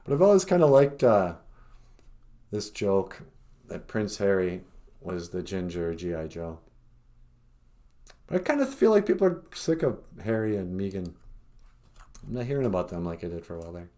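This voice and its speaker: A man's voice: deep voice, big pitch swings, moderate pace, pauses often, mellow. A man from northern Minnesota hosting a casual livestream, rambling and joking at his own expense. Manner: rambling, self-deprecating joking, full of fillers. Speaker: podcast host and cartoonist.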